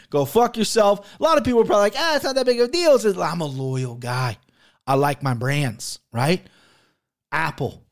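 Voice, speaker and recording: A young man hosting a sports betting podcast, talking in an animated, profane, rambling way. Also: on the high side. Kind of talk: casual chat.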